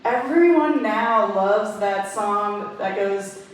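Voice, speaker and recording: A woman doing stand-up storytelling, delivering dark jokes deadpan and often laughing at her own lines. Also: mid-range voice, slow. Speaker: stand-up comedian. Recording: very echoey, distant mic, faint noise.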